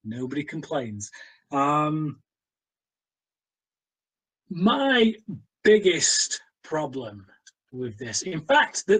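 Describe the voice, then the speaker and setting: A man talks through a film review at an unhurried pace. He is blunt and exasperated, filling gaps with "um" and restarts as he picks the film apart. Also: fairly high pitch, a bit bright, husky, rough recording. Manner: blunt, exasperated critic with many fillers. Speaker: co-host of a film review show. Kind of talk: casual film review chat.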